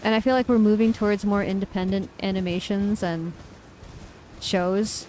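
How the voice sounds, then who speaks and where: A woman in her thirties from the United States, streaming a game live, jumping from sudden high squeals of surprise into relaxed chatty talk with her viewers. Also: moderate pace, slight background noise, low-quality recording. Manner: excitable, squeals and exclaims at game events, then chats casually. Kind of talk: live gameplay commentary.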